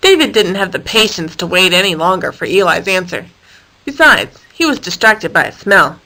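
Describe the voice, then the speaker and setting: A woman reading a children's story aloud with a playful, expressive manner. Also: fairly low pitch, moderate pace, rough recording. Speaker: storybook reader.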